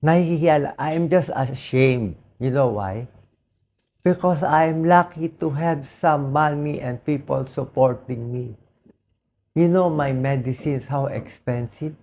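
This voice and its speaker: Hoarse, slow-talking Filipino man. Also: fairly high pitch, darkish tone. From Philippines. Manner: slow, pleading, mixes English and Tagalog. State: hoarse, voice dried out. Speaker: doctor. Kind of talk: emotional personal vlog monologue.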